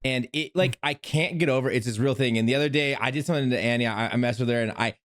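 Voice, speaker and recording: A man's voice: medium pitch, fast. A young man on a casual podcast, telling a story and often breaking into laughter as he talks. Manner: giggly, breaks into laughter while telling stories. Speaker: podcast host.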